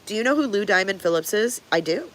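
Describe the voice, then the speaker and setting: A woman's voice: mid-range voice, expressive, fast talker. Blunt older woman chatting on a livestream. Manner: blunt, swears freely, chuckles often. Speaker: livestream host. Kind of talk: casual livestream chat, answering viewers.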